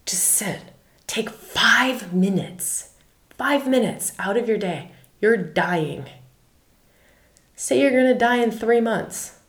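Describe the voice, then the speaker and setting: A woman's voice: fairly high pitch, lively intonation, slow, pauses often, echoey room. A woman hosting a spiritual podcast, talking candidly and casually, swearing freely, laughing often and asking many rhetorical questions. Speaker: podcast host and spiritual guide.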